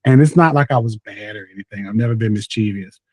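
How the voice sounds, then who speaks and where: A man's voice: lowish voice, fast, a little mellow, no room sound. Exuberant Southern man, dry sound. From North Carolina, US. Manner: exuberant, talkative, playful. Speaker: podcast guest, content creator. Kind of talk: casual chat.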